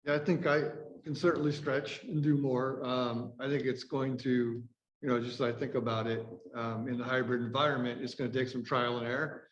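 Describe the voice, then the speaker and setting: A man taking part in a training call, answering hesitantly with many pauses and fillers. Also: medium pitch, fairly even intonation. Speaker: training participant. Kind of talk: casual discussion. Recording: muffled echoey call with faint noise.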